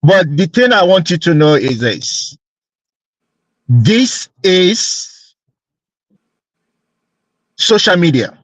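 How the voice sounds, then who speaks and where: Casting: man, very high voice, dry close sound, argumentative panelist. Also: a bit bright, no echo, rough recording. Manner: insistent, argumentative. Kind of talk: heated online panel debate.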